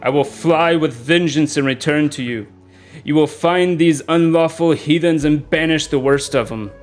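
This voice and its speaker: A man's voice: fairly high pitch, normal speed, pitched above the performer's own voice, lightly acted. Casting: holy battle axe spirit, zealous and grave, voiced by a man, faint music behind. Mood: fiery. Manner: solemn, proclaiming. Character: holy talking battle axe, righteous and vengeful.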